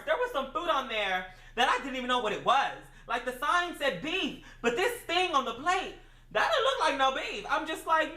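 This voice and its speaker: Woman storyteller, high and bright, very animated and slangy, recorded a little off-mic in a roomy space. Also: moderate pace. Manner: animated, slangy, self-mocking. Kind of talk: casual storytelling. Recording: echoey room, mic at a distance.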